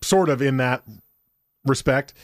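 A man's voice: mid-range voice, unhurried, no room sound, clean studio sound. A man co-hosting a casual podcast, chatty and often laughing, leading the segments. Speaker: podcast co-host. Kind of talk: casual chat.

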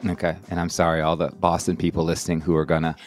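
A man from the American South hosts the show in a very deep, low voice. He talks loosely, winding through his questions with fillers. Faint music plays underneath. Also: quick pace. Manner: relaxed, rambling questions with fillers. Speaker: podcast host. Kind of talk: casual interview chat.

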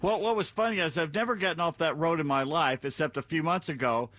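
An older male radio co-host tells a story with a bright, fairly high voice. He acts out each quote with animated energy. The studio mic is dry and close. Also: fast talker, dry recording. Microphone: studio microphone.

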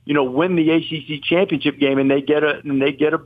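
Over a tinny, phone-like line with no room sound, a man joins a podcast as a guest to debate college football. Talking fast in a steady, slightly high voice, he rambles, corrects himself and pushes his opinions hard.

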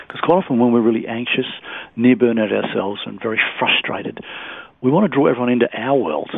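Man with husky voice on phone line. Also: medium pitch, fast, no room sound. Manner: earnest, gentle explaining with repeated words. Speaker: ministry director, radio guest. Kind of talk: radio interview on faith.

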